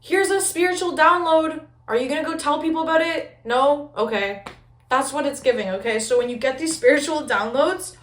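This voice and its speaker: Chatty young woman reading tarot. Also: a little high. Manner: chatty, frequent "like", swears casually. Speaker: tarot reader. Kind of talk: casual pick-a-card tarot reading. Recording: echoey room.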